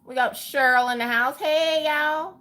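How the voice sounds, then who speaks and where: A woman's voice: sits high, steady tone, a little slow, pushed and bright. A woman hosting a casual livestream chat. She greets viewers by name with playful exclamations and chatty, joking asides. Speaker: livestream host.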